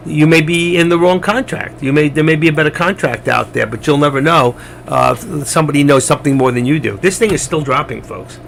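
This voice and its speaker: A man with a gravelly edge to his voice talks loosely and chattily on a live stream as he walks viewers through trades. He rambles, replies to people in the chat, and keeps it informal. A faint hiss sits under the recording. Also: a little high, a little fast, fairly bright tone. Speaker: trading live stream host. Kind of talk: casual live trading commentary.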